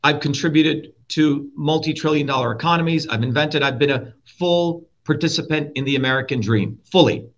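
A man from India, a guest in a heated interview, talking bluntly and forcefully, swearing and repeating his points. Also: fairly high pitch, normal speed, few pauses. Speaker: guest, presidential candidate. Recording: dull lo-fi audio.

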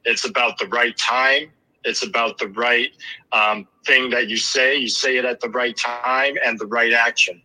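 Bright-voiced enthusiastic man. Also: mid-range voice, fairly even intonation, unhurried, rough recording. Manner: enthusiastic, rambling with fillers. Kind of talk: rally speech.

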